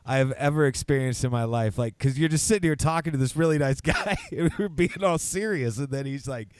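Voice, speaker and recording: A man co-hosting a podcast, telling a story in an animated, laughing way. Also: mid-range voice, fairly quick, clear, resonant tone, dry recording, clean studio sound. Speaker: podcast co-host. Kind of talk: casual storytelling.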